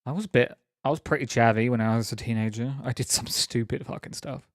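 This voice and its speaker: A man's voice: mid-range voice, fast talker, no echo, clean studio sound. A young man chatting casually on a live stream, rambling, laughing often and teasing viewers.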